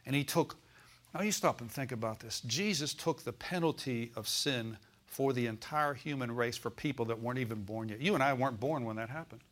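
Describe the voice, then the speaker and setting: A man's voice: mid-range voice, a little fast, fairly bright tone. A male pastor preaching a sermon in a folksy way, asking the congregation for amens and call-and-response.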